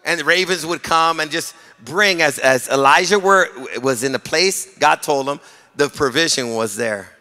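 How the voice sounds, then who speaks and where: A man's voice: on the high side, moderate pace. A middle-aged male pastor preaching a sermon, telling stories with humor and calling on the congregation to respond. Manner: storytelling, animated, jokes with the congregation. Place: church sanctuary. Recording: long reverb of a hall.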